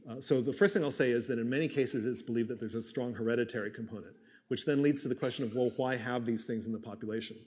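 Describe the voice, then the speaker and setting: Here a man who teaches neuroscience fields audience questions at a university gathering. His voice sits at medium pitch, fast and a touch mellow, and he thinks aloud conversationally with plenty of fillers.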